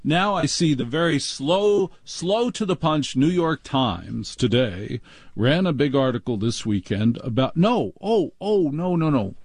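A man's voice: lively intonation, measured pace, dry recording, clean studio sound. Exasperated middle-aged man ranting. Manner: exasperated, mocking, mimics bank staff in high voices. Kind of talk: ranting monologue.

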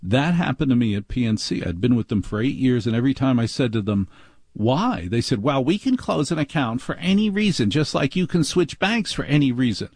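A man's voice: big pitch swings, a little fast, darkish tone, no echo, clean studio sound. Exasperated middle-aged man ranting. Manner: exasperated, mocking, mimics bank staff in high voices. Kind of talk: ranting monologue.

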